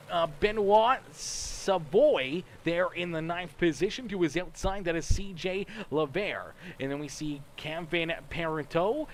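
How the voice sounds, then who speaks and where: Male race-stream commentator, slightly high pitch, fast friendly play-by-play, faint background hum. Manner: rapid-fire, rises to excited shouts on action. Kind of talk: sim racing livestream commentary.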